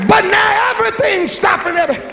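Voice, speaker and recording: A fairly quick, shrill and raspy middle-aged preacher fills a church sanctuary with a down-home, fiery sermon, bellowing his points before sinking into quiet, playful jabs. A faint crowd and slight background noise can be heard.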